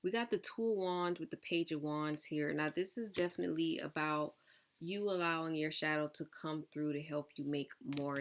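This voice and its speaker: A woman's voice: low voice, slight background noise. A woman giving a collective tarot reading, asking probing questions and breaking off for casual asides. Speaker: tarot reader.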